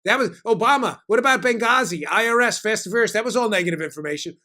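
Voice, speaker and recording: A man hosting a political talk show, giving rapid, sarcastic commentary and asking mock questions he answers himself. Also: sits high. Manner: rapid, sarcastic, jokey and animated.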